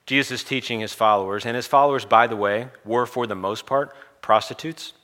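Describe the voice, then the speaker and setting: A man preaching a sermon, retelling a story with lively energy and chanting the crowd's lines. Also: mid-range voice, fairly quick.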